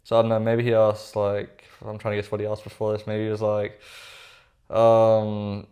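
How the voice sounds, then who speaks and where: A man's voice: lowish voice, completely flat delivery, moderate pace, warm tone. A man giving casual reaction commentary, sarcastic and profane, calling his viewers bro.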